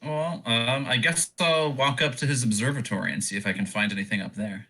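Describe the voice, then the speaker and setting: A man's voice: mid-range voice, a little fast, sharp tone. A man playing a tabletop game who mostly gives short replies and states his character's actions. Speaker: player. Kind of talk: casual chat.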